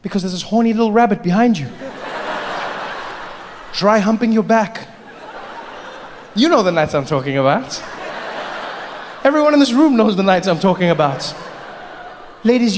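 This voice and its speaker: A man doing a stand-up comedy set on a large theater stage, telling his story in an animated way, with sudden drops and jumps in his voice. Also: high voice, normal speed, pauses often, a little hiss or hum. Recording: live show in a reverberant hall.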